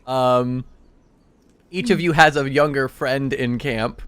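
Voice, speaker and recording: Slow, smooth-voiced game master man. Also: medium pitch. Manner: relaxed, with fillers. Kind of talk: narrating a tabletop game.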